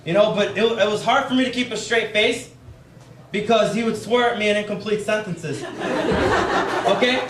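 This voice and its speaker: High-voiced young man doing stand-up, echoey. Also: normal speed, pauses often. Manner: loose rambling delivery with many fillers. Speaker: stand-up comedian. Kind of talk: stand-up comedy set. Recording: echoey room from far off, loud background noise.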